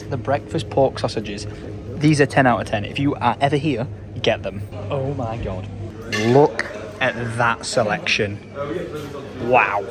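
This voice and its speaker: A young man from England, cheerfully vlogging a road trip with his dad in a jokey, casual way. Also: fairly high pitch. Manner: upbeat, jokey, swears casually. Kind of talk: casual travel vlog. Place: camper van and service stations. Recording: outdoor traffic noise.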